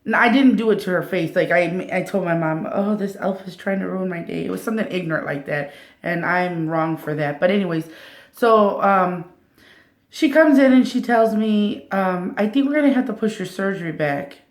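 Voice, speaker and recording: Vlogger, woman, 30s, animated storyteller, echoey room. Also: fairly low pitch, normal speed. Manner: animated retelling, acting out others' lines. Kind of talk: casual storytelling to camera.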